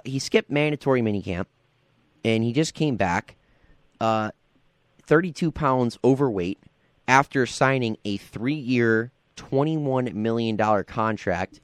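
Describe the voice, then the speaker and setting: A man's voice: lowish voice, no echo. A man hosting a casual sports radio show from a college radio studio, rambling with lots of fillers in an affable way.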